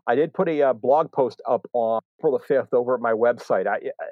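A man's voice: mid-range voice, fairly quick, no room sound, narrow, tinny audio. An American man hosting a live podcast, talking in a rambling way with many fillers and restarts. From United States. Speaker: podcast host.

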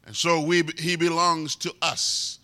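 Guy preaching a sermon, high bright cutting voice, leans hard on words. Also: steady tone. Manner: emphatic, drawn-out repetition of key words.

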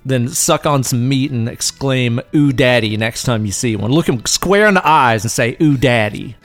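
A man's voice: mid-range voice, animated, normal speed, fairly bright tone. A man hosting a podcast in casual, playful chat, full of jokey mock-macho bits. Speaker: podcast host.

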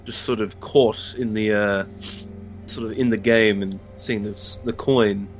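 A man's voice: fairly low pitch, steady tone, measured pace, faint music behind. Hesitant male tabletop player. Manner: hesitant, filler-heavy. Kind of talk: casual tabletop play.

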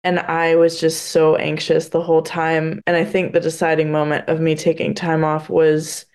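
A young woman speaks openly in an interview, her voice sitting a little low. She talks earnestly, with many restarts and halting phrases. Now and then emotion catches in her voice. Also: a little mellow. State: emotional, near tears at times. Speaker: podcast guest, blind adaptive athlete. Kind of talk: candid interview conversation.

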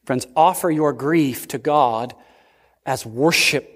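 A man preaching a sermon as pastor, slow and emphatic, with sudden swings in pitch. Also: slightly rough. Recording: long reverb of a large hall.

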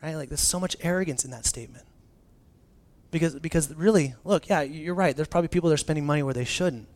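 A pastor with a high-leaning, slightly mellow voice preaches quickly in a conversational style. Casual and animated, he addresses his congregation, often restarting phrases and leaning on fillers.

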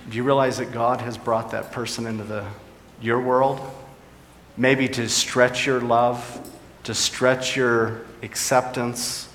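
A man's voice: mid-range voice, fairly bright tone, slight background noise. Preaching man in an echoey hall. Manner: preaching, rising and dropping for emphasis. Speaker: pastor. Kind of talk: sermon.

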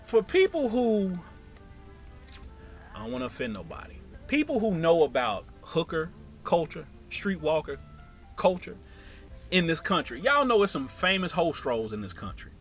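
High lively voice, guy telling a funny story, doing everyone's voices, bit of music under it. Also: normal speed. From Tampa, Florida area. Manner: animated, acts out voices of others. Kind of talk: comic storytelling.

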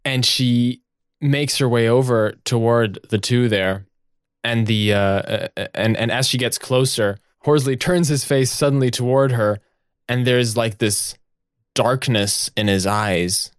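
A man narrating a tabletop role-playing game as game master, animated and full of fillers. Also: mid-range voice, unhurried, clear, resonant tone, dry recording, clean studio sound.

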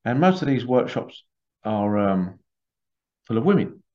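A man's voice: mid-range voice, sing-song, unhurried, a little mellow. A man telling a long, rambling story, full of restarts and acted-out quotes. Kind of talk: casual conspiracy talk, storytelling. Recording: dull lo-fi sound.

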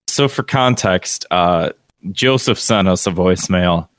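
Brief: male co-host, lower voice, blunt profane humor, dry mic. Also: measured pace, no room sound. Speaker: podcast co-host. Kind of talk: casual podcast chat.

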